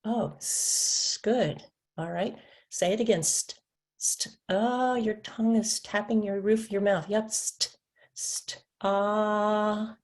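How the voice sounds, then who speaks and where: Slowly and steadily, a woman with a medium-pitched, a little mellow voice leads a teacher-training webinar demonstration. She stretches out and taps individual speech sounds with patience, taking on both teacher and student roles by sometimes replying as her own student.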